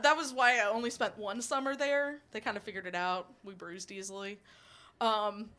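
A woman's voice: medium pitch, bright, forceful tone. A woman in her twenties performing a stand-up comedy set, telling blunt, profane stories, chuckling between lines and rambling with fillers when she loses her place.

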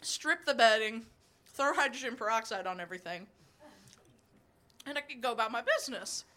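A woman's voice: a little high, normal speed, sharp tone. A woman in her twenties performing a stand-up comedy set, telling blunt, profane stories, chuckling between lines and rambling with fillers when she loses her place.

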